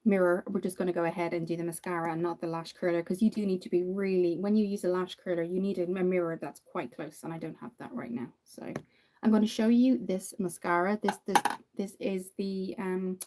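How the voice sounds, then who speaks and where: This Irish woman has a fairly low, dark voice with fairly even intonation, and she talks a little fast. She's doing her makeup on a livestream, chatting away to viewers, responding to their comments, and using lots of fillers.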